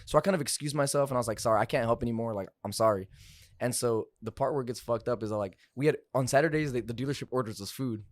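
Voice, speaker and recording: A man's voice: medium pitch, fast, no echo. A young man, a car salesman and podcast guest, telling a story in loose, profane casual chat. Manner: loose, profane, lots of fillers like "like" and "bro".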